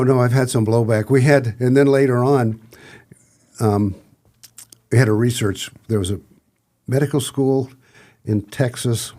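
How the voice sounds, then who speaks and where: A man's voice: medium pitch, dark tone. A middle-aged man, a podcast guest, telling rambling anecdotes in casual conversation and acting out what others said. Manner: rambling anecdotes with acted-out quotes and restarts. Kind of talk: casual storytelling.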